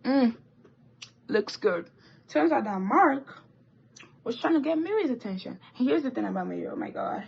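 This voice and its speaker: A teenage girl telling a rambling, animated story while doing her makeup, with swearing and asides. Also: sits high, moderate pace, gravelly, long pauses, husky, muffled recording. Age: teens. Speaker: vlogger. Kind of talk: chatty get-ready-with-me story time.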